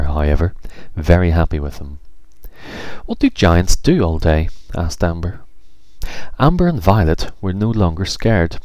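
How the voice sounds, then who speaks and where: A man narrating a children's storybook in an expressive, measured way. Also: low voice, no room sound.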